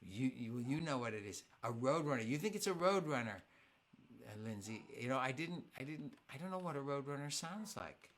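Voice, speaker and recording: A man's voice: mid-range voice, animated, a little fast. A man hosting a live family concert, chatting playfully with his audience, telling stories and reading their comments aloud. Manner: playful, storytelling, reads viewer comments aloud. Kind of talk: casual chat with online audience.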